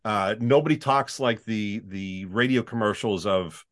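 A Canadian man with a baritone voice, a voice-over artist chatting in an interview and slipping into demo voices. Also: measured pace. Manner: chatty, animated, demonstrates reads in put-on voices. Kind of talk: casual interview chat.

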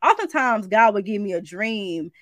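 An adult woman, sharing a dream in a casual spoken message, animated and informal, acting out the voices as she tells it. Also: mid-range voice, moderate pace, no room sound. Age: adult, married mother. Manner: animated storytelling, shifts into acted quotes, informal speech. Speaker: Christian speaker sharing a prophetic dream.

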